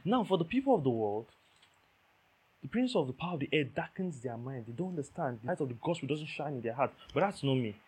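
Husky-voiced man preaching a sermon. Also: medium pitch, very animated, fast, darkish tone. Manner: emphatic, repeats key phrases, asks the audience "do you understand".

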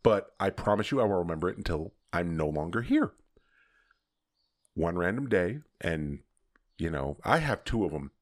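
Deep-voiced man with a lively, swinging delivery. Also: moderate pace, long pauses. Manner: candid storytelling with laughs. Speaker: podcast host. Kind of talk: casual conversation.

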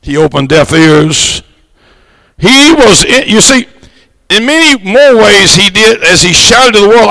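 A high, bright-voiced man preaching a fervent sermon, his tone shot through with gravel. He builds to shouts and stretches out the words he wants to land. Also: expressive, measured pace, low-quality recording. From United States. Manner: fervent, swells to shouts, draws out key words. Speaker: missionary preacher.

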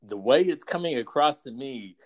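A man's voice: mid-range voice, lively intonation, moderate pace, darkish tone, low-quality recording. A man hosting a podcast, teasing his guest in casual banter and often stumbling through restarts. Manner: teasing, rambling, stammering restarts. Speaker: podcast host.

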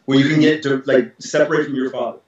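A middle-aged man casually telling a story about his marriage, animated, with emphatic asides and restarts. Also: mid-range voice, fast talker, far from the mic. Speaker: husband telling their story. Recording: very echoey room, dull lo-fi sound.

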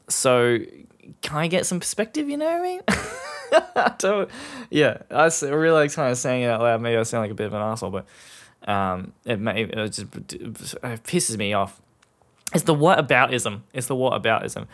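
A man's voice: on the high side, fairly bright tone. A young Australian man hosting a solo podcast, rambling casually with plenty of swearing, fillers and laughs. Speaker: podcast host.

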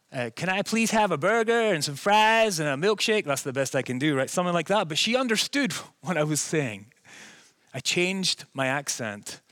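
Earnest preacher, male, faded Scottish accent mixed with American, fairly high voice, dry close sound. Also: fairly bright tone, no room sound. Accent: softened Scottish, partly American. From Scotland. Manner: earnest, asks the listeners rhetorical questions. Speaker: pastor. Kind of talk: conversational sermon.

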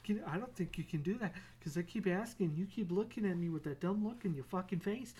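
A man's voice: sits high, a little fast, mellow, breathy edge. A man voicing his bossy, foul-mouthed female house cat, who nags and demands food in a sarcastic, impatient way. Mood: whiny.

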